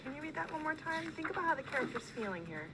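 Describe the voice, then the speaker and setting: A woman's voice: high voice, very animated, fast talker, heavy background noise. A woman teacher in a one-on-one reading conference with a child, patient and encouraging, prompting with questions.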